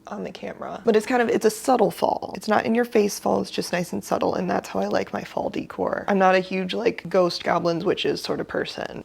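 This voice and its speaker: A young woman vlogging at home in a chatty, relaxed, self-deprecating way, talking to her camera about her week. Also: mid-range voice, gravelly. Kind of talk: casual vlog narration. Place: home apartment.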